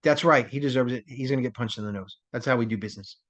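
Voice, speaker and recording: A man's voice: medium pitch, fast, fairly bright tone, close to an everyday voice. A man role-playing an angry male paramedic who rants indignantly about a coworker. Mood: defiant. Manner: indignant, ranting.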